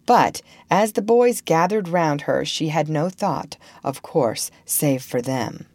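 A woman reading a storybook aloud in a slow, expressive manner as narrator. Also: low voice, dry recording.

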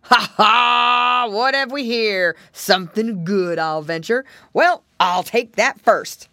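A woman voicing a big, greedy black male bear in a storybook, talking in loud, growling boasts. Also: a little high, slow, no room sound, studio quality, voice pushed up, heavily acted. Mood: gloating.

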